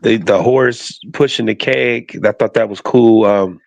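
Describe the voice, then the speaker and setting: A man's voice: on the low side, measured pace, vocal fry, no echo. A man in his forties co-hosting a podcast, chatting casually and rambling with many fillers and asides. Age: 40s. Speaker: podcast co-host. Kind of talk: casual chat.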